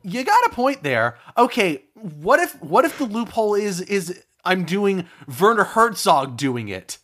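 Man co-hosting a comedy podcast, lively pitch swings, playful rambler. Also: a little slow. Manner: animated, rambling, playful questions. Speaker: podcast co-host. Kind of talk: casual comedy chat.

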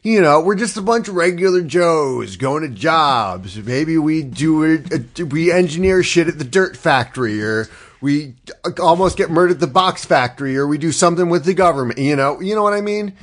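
A man hosting a loose comedy podcast, with a pitch that sits a little high and swings widely as he talks. He rambles through his setup and jumps into quick acted-out voices for the people in it. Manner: rambling, animated storytelling, acts out quoted voices. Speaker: podcast host posing the scenario. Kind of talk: casual comedic podcast chat.

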